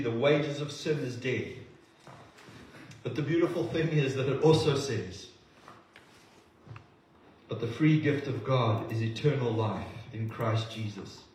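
A man preaching a sermon, shifting between forceful declarations and hushed, earnest moments. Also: medium pitch. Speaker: pastor. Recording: echoey hall recording from a distance.

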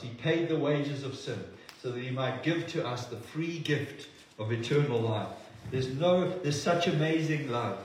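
A man preaching a sermon, shifting between forceful declarations and hushed, earnest moments. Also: mid-range voice, slight background noise. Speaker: pastor. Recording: echoey hall recording from a distance.

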